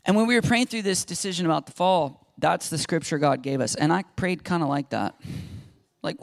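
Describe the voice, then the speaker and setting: A man's voice: on the high side, brisk, vocal fry. A middle-aged man preaching a sermon as pastor, acting out Bible dialogue with rising intensity.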